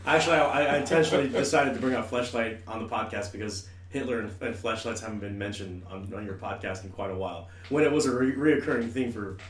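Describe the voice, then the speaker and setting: A man's voice: mid-range voice, quick pace, hardly any pauses. A man on a podcast telling crude stories, laughing and stumbling over restarts. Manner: rambling, laughing, stammering restarts. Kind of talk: crude casual chat. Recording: roomy, distant mic, faint noise.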